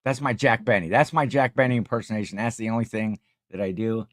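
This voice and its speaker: A man's voice: on the low side, fast, a bit bright, dry recording, clean studio sound. A tired middle-aged man hosting a casual livestream, chatting and reading viewer comments in a rambling, jokey way. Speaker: livestream host.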